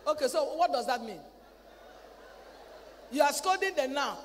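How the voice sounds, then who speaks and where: A woman preaching a sermon at a convention. She talks in a lively way, acts out family dialogue and repeats words. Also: sits high, normal speed. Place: large convention hall. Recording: reverberant hall, faint ambient noise.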